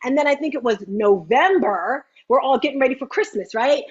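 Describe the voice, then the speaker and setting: A woman with a high, slightly husky voice talks through a motivational livestream in a chatty, animated way, tossing in teasing asides. The sound is dull and lo-fi. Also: a little fast. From United States. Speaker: host. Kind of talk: lively motivational livestream talk.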